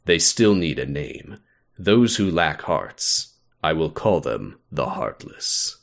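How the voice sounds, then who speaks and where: A man putting on the voice of a grave male scholar-king, reading his research report slowly and solemnly. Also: a bass voice, sing-song, creaky, pitched below the performer's own voice, full character voice. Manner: slow, solemn, deliberate reading.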